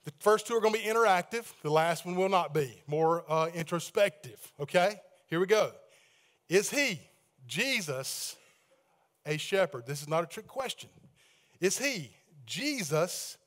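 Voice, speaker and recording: A man preaching a sermon in a church, reading scripture aloud with the congregation, praying quietly and asking them to raise their hands. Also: high-pitched, expressive, a little slow. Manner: leads congregation in call-and-response readings and hand-raising; swings between loud proclaiming and hushed prayer. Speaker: pastor. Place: church sanctuary with balcony.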